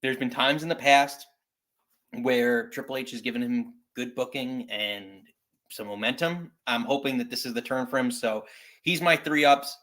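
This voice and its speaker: A man's voice: medium pitch, moderate pace, fairly bright tone. A man in his thirties hosting a podcast, chatting casually as he runs through his picks. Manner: conversational, runs through rankings. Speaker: podcast host. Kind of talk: casual chat.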